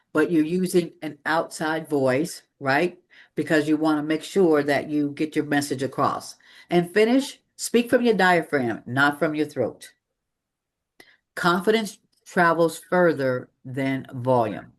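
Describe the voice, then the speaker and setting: A public speaking coach teaches a live room with an energetic, emphatic delivery and a mid-range voice. The pace keeps shifting, slowing on key points and speeding through transitions. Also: mid-range voice. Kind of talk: live training presentation. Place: meeting room with an audience.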